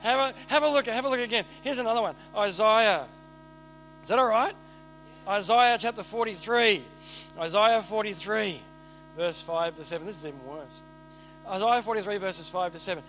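A man preaching a sermon, animated and emphatic, swinging between loud and quiet. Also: high voice, normal speed, faint music behind, low-quality recording.

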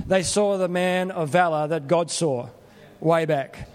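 A man's voice: on the high side, a little slow, darkish tone, long reverb tail. A middle-aged man preaching a sermon in a plain-spoken, earnest, conversational way. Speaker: pastor.

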